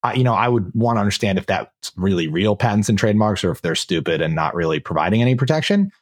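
Man, husky voice, dry close sound, enthusiastic and blunt, casual podcast chat. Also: on the low side, animated, fast talker, no room sound. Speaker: podcast co-host.

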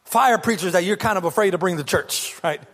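A man preaching a sermon as pastor, conversational and lively, firing off rhetorical questions to the congregation. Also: high-pitched, fairly quick.

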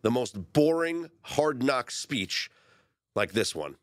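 A man co-hosting a sports talk show, joking and chatting in a lively way. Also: medium pitch, slow, no echo, clean studio sound. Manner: animated, joking.

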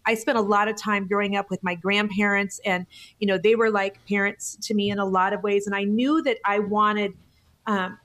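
A woman's voice: mid-range voice, flat delivery, moderate pace, fairly bright tone. A woman in her forties telling a personal story as a podcast guest, earnest and emotional. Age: 40s. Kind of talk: conversational interview.

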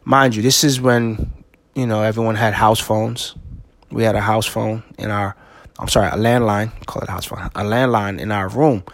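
A middle-aged man hosting a podcast, telling a personal story in a halting, emotional way with many restarts. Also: on the low side, steady tone, gravelly, no echo. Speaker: podcast host.

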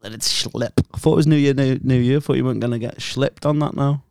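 A man's voice: medium pitch, fairly even intonation, quick pace, vocal fry, mellow, clean tone, no echo, clean studio sound. A man co-hosting a podcast from his room, joking and laughing often in casual chat. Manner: jokey, laughs often, slips into silly voices. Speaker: podcast co-host. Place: home room.

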